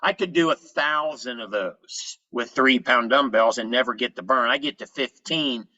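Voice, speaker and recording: A man giving an energetic health presentation, telling his story in short punchy phrases. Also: medium pitch, normal speed, highs cut off.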